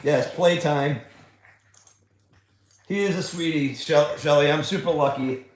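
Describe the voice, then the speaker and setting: A man's voice: fairly high pitch, a little slow. A man hosting a casual trivia livestream from home, chatty, fond and coaxing as he talks. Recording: echoey room.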